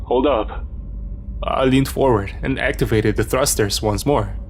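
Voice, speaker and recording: A man reading a scripted first-person horror story as narrator, in a steady storytelling manner. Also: mid-range voice, unhurried, a little hiss or hum.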